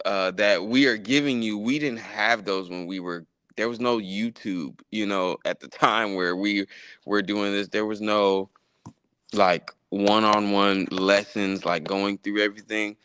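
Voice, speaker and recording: A man talking as a guest musician in a casual live interview, in a relaxed, loose way with lots of fillers and restarts. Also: lowish voice, unhurried, clean tone, no room sound. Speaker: guest musician, gospel pianist.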